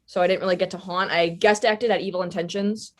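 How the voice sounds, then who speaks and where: A woman's voice: on the low side, fairly even intonation, fast talker. A young woman telling stories on a podcast in a casual, rambling way, with lots of fillers. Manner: chatty, rambling, many fillers. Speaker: podcast guest. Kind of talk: casual storytelling.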